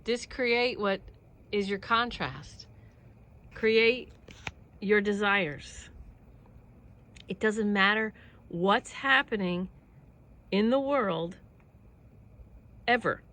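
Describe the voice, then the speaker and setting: A woman's voice: medium pitch, animated, very slow, pauses often, fairly bright tone, rough recording. A woman musing casually to camera about happiness and freedom. She rambles in an earnest tone, with laughs between thoughts. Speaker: vlogger. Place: outdoors at home with animals.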